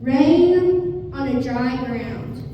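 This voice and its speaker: A woman's voice: high voice, drawn-out words, highs cut off, a little hiss or hum. A woman preacher delivering an earnest sermon, retelling a scripture story dramatically and acting out its voices. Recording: echoey hall from far off.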